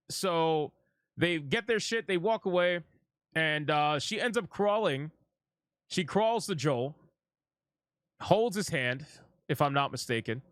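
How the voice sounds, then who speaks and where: A man's voice: high voice, a bit bright, no room sound, studio quality. A man giving casual, profane reaction commentary on a show, blunt and mocking, rambling with restarts. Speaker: gaming commentator.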